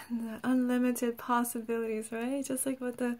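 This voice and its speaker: A woman energy healer who talks gently and soothingly in a guided healing session, laughing often and saying "like" a lot. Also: a little high, little pitch movement, normal speed, few pauses.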